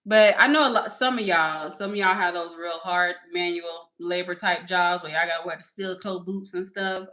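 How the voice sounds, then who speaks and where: A woman with a fairly low, sharp voice holds a steady tone and moderate pace, barely pausing. Live-streaming, she chats and rambles, reading messages out loud, laughing frequently, and calling viewers "y'all."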